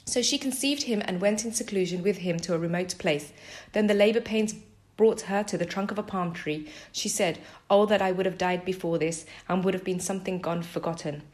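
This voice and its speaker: A woman reading a scripture translation aloud in a measured, even way. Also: lowish voice. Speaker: scripture reader.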